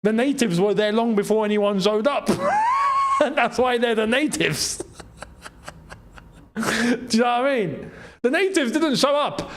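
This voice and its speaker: A young man hosting a live football watchalong, reacting excitedly to play and reading viewer comments aloud with frequent laughs. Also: very high-pitched, measured pace, long pauses, slight background noise. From Algeria. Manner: excitable, laughs often, reads chat aloud.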